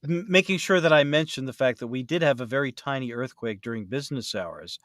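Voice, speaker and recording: A man's voice: mid-range voice, fairly quick, fairly bright tone, dry recording, clean studio sound. A man from the East Coast of the US co-hosting a casual podcast, talking hesitantly with many ums and uhs. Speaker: podcast co-host. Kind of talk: casual chat.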